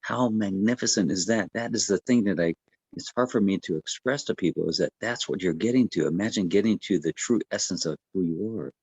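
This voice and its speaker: A man with a very low voice talks a listener through breathwork in a gentle, easygoing way. He pauses often and restarts his sentences. The recording is close and dry. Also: breathy edge, no room sound. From United States. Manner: gentle, unhurried, with many fillers and restarts. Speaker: breathwork coach. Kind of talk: casual explanatory talk.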